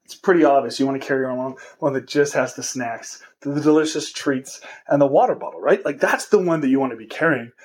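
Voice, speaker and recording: A man's voice: medium pitch, fast talker, hardly any pauses. A man hosting a podcast, giving an earnest, encouraging motivational monologue straight to his listeners. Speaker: podcast host.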